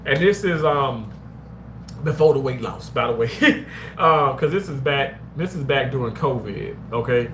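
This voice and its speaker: A man chatting casually with his live-stream viewers, rambling and animated, now and then bursting into loud excited shouts. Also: mid-range voice, unhurried. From Mississippi. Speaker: vlogger reading live chat. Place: outdoors on a walk. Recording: roomy, with faint ambient noise.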